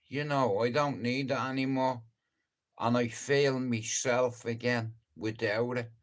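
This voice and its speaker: A man hosting a live stream, rambling through stories in casual chat and swearing freely as he talks straight to his viewers. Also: medium pitch. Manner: profane, rambling storyteller who addresses viewers directly. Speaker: livestream host.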